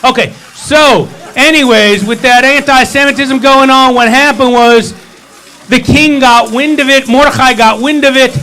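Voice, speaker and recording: A man's voice: very high voice, fairly even intonation, normal speed, bright, forceful tone, poor audio. A man leading a congregation, retelling a scripture story in a playful, joking way full of wry asides. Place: synagogue hall.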